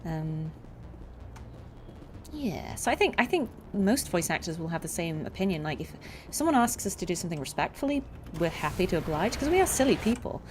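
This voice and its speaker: With game sounds running underneath and slight background noise, a woman voice actor chats through a game in a fairly low, sing-song voice, a little fast. Her casual let's-play commentary is loaded with fillers and rambling tangents.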